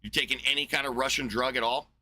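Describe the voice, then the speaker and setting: A man's voice: mid-range voice, steady tone, fast talker, bright, forceful tone, low-quality recording. A man with a Southern US accent, hosting a heated debate in a brash, profane and mocking way. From Southeast United States. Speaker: debate show host.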